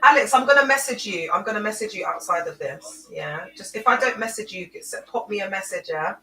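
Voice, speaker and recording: A woman's voice: mid-range voice, animated, fairly quick, pushed and bright, recorded from a distance, a little hiss or hum. A woman, chatting loosely on a live stream into a laptop mic and answering viewers by name. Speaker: livestreamer. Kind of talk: casual live-stream chat. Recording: echoey room, voice away from the mic.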